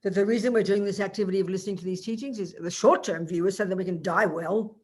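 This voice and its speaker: A woman teaching Buddhism in a relaxed, chatty way, often asking her listeners rhetorical questions. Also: medium pitch, fast talker, husky. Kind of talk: informal dharma teaching.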